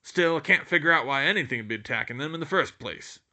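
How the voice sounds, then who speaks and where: A man voicing a huge, gruff but gentle older male gamekeeper who talks loudly in a blunt, folksy dialect. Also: a little high, expressive, fast talker, pitched above the performer's own voice. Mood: muttering. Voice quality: loud, gruff rural-sounding dialect.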